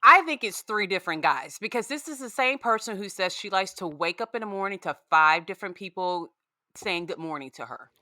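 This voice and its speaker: Blunt, bright-voiced woman guest. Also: mid-range voice, a little fast, no echo, clean studio sound. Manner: blunt, animated, swears freely. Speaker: podcast guest. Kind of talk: casual chat.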